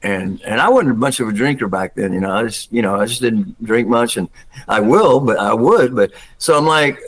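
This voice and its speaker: An older man from Georgia with a Southern accent, telling stories as a guest, acting out quotes with big jumps in pitch and laughing often. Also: animated, normal speed, poor audio. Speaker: guest actor. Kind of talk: casual storytelling interview.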